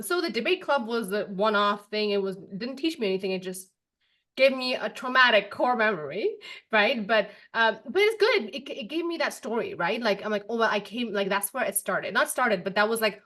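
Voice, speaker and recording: Young woman podcast host, casual chat, quick expressive storyteller, mid pitch.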